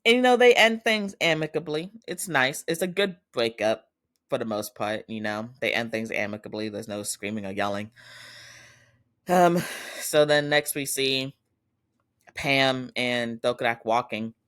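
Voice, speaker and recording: A man's voice: mid-range voice, a little slow, a bit bright, clear, resonant tone. A man hosting a podcast, giving a chatty casual recap and quoting characters in his own voice. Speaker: podcast host.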